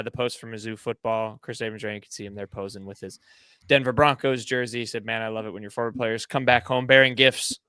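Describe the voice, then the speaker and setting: A man's voice: medium pitch, bright, forceful tone, clean tone, dry recording. A young man co-hosting a casual sports podcast, rambling and teasing his co-hosts, often restarting his sentences. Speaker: podcast co-host.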